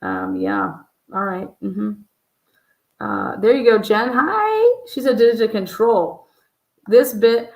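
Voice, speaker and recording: A woman's voice: mid-range voice, sing-song, takes it slowly, darkish tone, echoey room. A woman hosting a true crime show, reacting to a clip with profane, incredulous commentary and bursts of laughter. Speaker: true crime podcast host.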